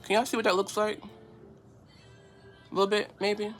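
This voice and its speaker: A woman's voice: medium pitch, flat delivery, normal speed, soft background music. Chatty woman live-streaming her makeup. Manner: chatty, reads comments aloud and answers them, easily touched. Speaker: beauty livestream host. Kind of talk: casual livestream chat while doing makeup. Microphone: phone front camera.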